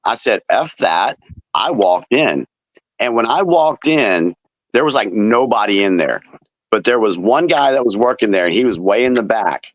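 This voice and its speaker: A man hosting a casual chat, telling defiant stories in a relaxed way. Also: on the low side, moderate pace, dry recording. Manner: relaxed storyteller, defiant anecdotes. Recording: dull lo-fi dry sound.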